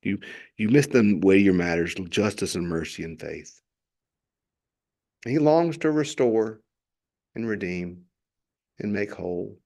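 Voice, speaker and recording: A man's voice: lowish voice, takes it slowly, gravelly, pauses often, darkish tone. A male pastor gives an earnest, impassioned devotional reflection on scripture and often repeats phrases for emphasis.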